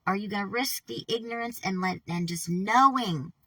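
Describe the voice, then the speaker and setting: Gravelly, bright-voiced woman vlogger swearing. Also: mid-range voice, moderate pace, no room sound, far from the mic, rough recording. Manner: heavy swearing, animated and worked-up. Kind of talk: casual vlog monologue.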